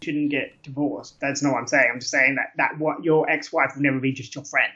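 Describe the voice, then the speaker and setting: A man's voice: mid-range voice, fairly quick. A man speaking as an academic podcast guest, explaining ideas conversationally, often laughing and correcting himself mid-sentence. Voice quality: animated, laughs often, frequent self-corrections. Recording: muffled lo-fi audio.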